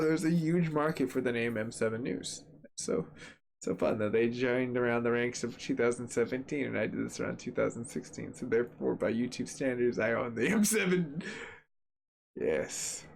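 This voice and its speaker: A man's voice: mid-range voice, sing-song, brisk, gravelly, a little hiss or hum. A man hosting a gaming channel, giving casual, joking, rambling commentary at his home computer setup while he tests a graphics card. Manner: joking, rambling and sarcastic, with frequent fillers.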